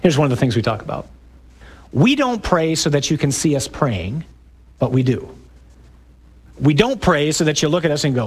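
A middle-aged priest giving an emphatic talk to a parish group, building up to loud exclamations. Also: male voice, fairly high pitch, big pitch swings, normal speed, long pauses, husky.

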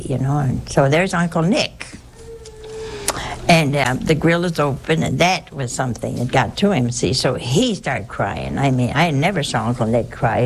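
Older nun with a low gravelly voice. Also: female voice, slight background noise. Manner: rambling, warm anecdotal telling with frequent restarts. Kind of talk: personal storytelling.

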